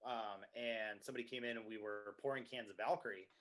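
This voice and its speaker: A man's voice: lowish voice, steady tone, fast talker, fairly bright tone. Earnest man telling a story. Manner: earnest, storytelling, laughs easily. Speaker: brewery staff guest. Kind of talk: casual chat.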